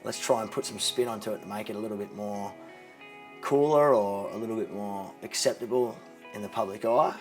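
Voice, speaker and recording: A young Australian man telling a personal story in an interview, halting and often dropping quiet. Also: on the low side, faint music behind, rough recording. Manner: halting, many restarts, drops to quiet when moved. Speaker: interviewee, charity co-founder.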